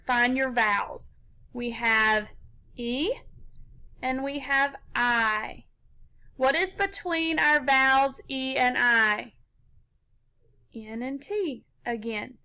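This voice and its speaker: A woman leads a children's phonics lesson in a high voice. She talks at an unhurried pace and sounds bright and clear. She explains each step with patience. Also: poor audio. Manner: slow, patient, step-by-step instruction. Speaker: teacher.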